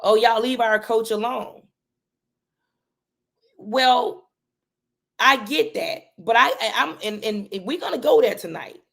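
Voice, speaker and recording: Woman coach on a video call, gravelly voice, passionate, keeps repeating her points to drive em home. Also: mid-range voice, a bit bright. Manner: earnest, passionate, builds points with repetition. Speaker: basketball coach, guest. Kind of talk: casual interview talk.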